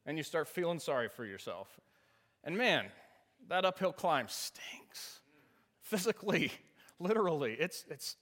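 In a bit of a bright, high voice, a pastor shares a comic tale about a race from the pulpit. It's storytelling full of self-deprecating humor, and he laughs often along the way.

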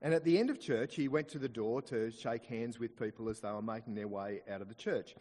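An Australian man preaching a sermon in church, slowing down to dwell on quoted scripture. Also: mid-range voice, in a large hall. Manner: expressive preaching, slows down to stress quoted scripture. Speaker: pastor.

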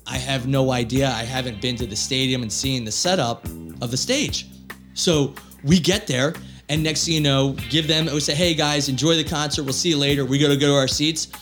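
A man who is a guest on a podcast, chatting casually and telling stories in an excitable way. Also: medium pitch, brisk, faint music behind. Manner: excitable, laughing storyteller, says dude a lot. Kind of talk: casual chat.

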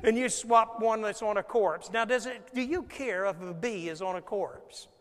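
A male pastor with a high voice preaches at normal speed, telling stories and acting out scenes. He keeps asking the congregation questions, and a long reverb fills the hall.

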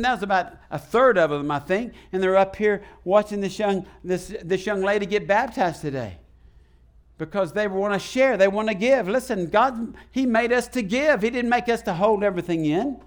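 A man preaches in a church sanctuary, his voice pitched notably high. He calls questions out to the congregation as he goes. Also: moderate pace. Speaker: pastor. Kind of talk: sermon.

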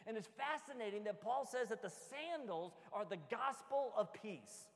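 A pastor delivers a lively, joking sermon, slipping into little acted scenes to make his point. His voice sits very high for a man. The sound carries a long reverb, as from a large church hall. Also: normal speed, vocal fry.

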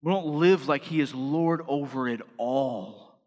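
A man preaching a sermon as pastor, rising to emphatic peaks and dropping to quiet, earnest lines. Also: mid-range voice, unhurried, big-room sound.

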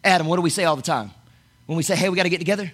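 A man preaching a lively sermon as pastor, talking in bursts with many repeated words and restarts. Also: high voice, rapid-fire, breathy edge.

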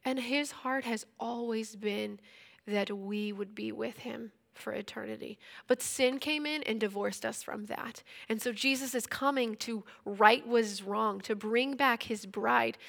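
A woman's voice: on the high side, a little slow, creaky, fairly bright tone. A woman in her thirties teaching a Bible passage in a casual, conversational way. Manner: conversational, retells scripture in everyday speech.

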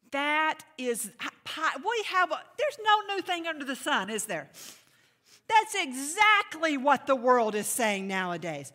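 Bright-voiced woman preaching with emphasis. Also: high voice, unhurried, in a large hall. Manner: animated, emphatic, playful mock voices. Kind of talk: sermon.

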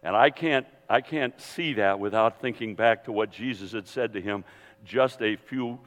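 A man's voice: on the low side, moderate pace, fairly bright tone. A man preaching a sermon with dramatic shifts, dropping to a near whisper and repeating words as he builds up. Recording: long reverb of a church hall.

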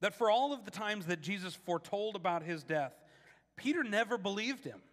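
A man's voice: sits high, expressive, fairly quick, fairly bright tone, in a large hall. A man preaching a sermon in a casual, conversational way, often repeating words as he starts his sentences. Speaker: pastor.

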